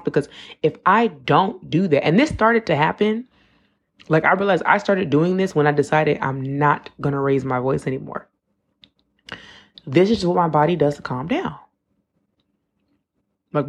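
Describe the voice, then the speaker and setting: Woman in her twenties, deep husky voice, casual podcast musing, loose rambling phrasing. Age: 20s. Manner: conversational, with frequent "like" and self-corrections. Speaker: podcast host. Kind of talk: casual reflective monologue.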